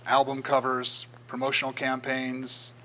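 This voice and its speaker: Bright-voiced older man telling stories. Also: mid-range voice, completely flat delivery, a little slow, a little hiss or hum, low-quality recording. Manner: storytelling, acts out quoted voices. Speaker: guest speaker, graphic designer. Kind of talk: casual presentation to a club. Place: meeting room.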